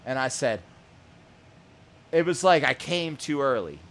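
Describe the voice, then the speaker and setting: A man hosting a music podcast in casual chat, profane and excitable, laughing often and shouting out lines he quotes. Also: medium pitch, unhurried. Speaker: podcast host.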